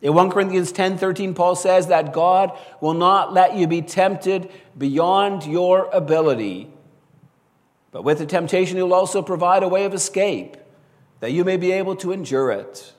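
A man preaching a sermon in an earnest, measured way, often quoting scripture and rising to stress key words. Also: sits high, long reverb tail.

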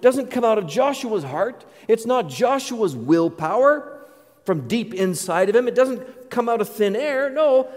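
A man's voice: high-pitched, a little mellow. A male pastor preaching a sermon, earnest and building to emphatic declarations. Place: church sanctuary. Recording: reverberant church hall.

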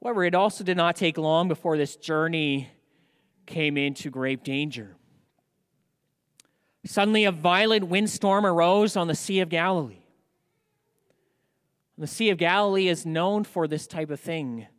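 A male pastor preaching a sermon in a church, animated and asking rhetorical questions. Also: fairly high pitch, moderate pace, long pauses, clean tone, big-room sound.

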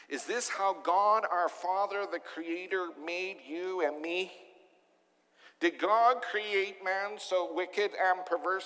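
A man delivers a sermon from the pulpit, pressing his points with repeated rhetorical questions. His voice sits high for a man. Long reverb trails behind his words, as in a large church. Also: sharp tone. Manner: emphatic preaching with rhetorical questions. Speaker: pastor.

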